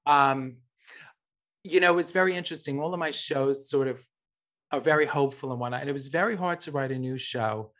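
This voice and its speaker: A man's voice: mid-range voice, brisk, fairly bright tone. Chatty campy man telling stories. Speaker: guest performer. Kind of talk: casual podcast chat.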